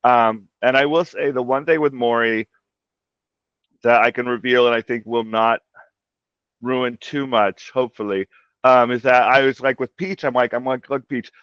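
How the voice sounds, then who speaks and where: A man speaks as a guest in a casual interview, circling his points with a steady stream of "like" and "you know". His voice sits at an ordinary middle pitch. The audio is muffled and lo-fi, with a dry, dead sound. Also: normal speed, clean tone, no room sound. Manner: rambling, heavy on "like" and "you know". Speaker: comic translator guest.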